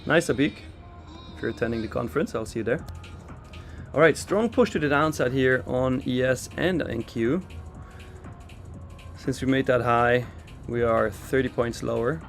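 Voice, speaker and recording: A man's voice: mid-range voice, expressive, normal speed, gravelly, faint music behind. A man raised in Switzerland hosting a live trading stream, giving casual market commentary and answering viewer chat. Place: in London for a trading expo.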